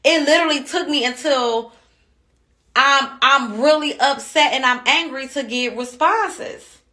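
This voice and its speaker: An upset mother rants on social media with a bright, sharp voice. She cusses, circles back to the same points and stays heated throughout. Her pitch sits high for a woman. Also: measured pace. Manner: heated, cussing, repeats herself. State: upset and angry. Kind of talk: angry social media rant.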